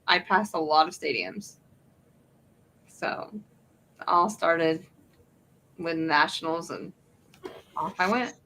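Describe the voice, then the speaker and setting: A woman's voice: deep voice, slow, long pauses, bright, forceful tone, a little hiss or hum. A woman chatting playfully and telling a travel story. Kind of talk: casual chat.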